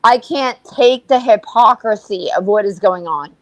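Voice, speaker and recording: A woman's voice: mid-range voice, a little slow, no echo, rough recording. A woman co-hosting a livestream, ranting furiously and swearing constantly. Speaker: co-host. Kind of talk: livestream commentary.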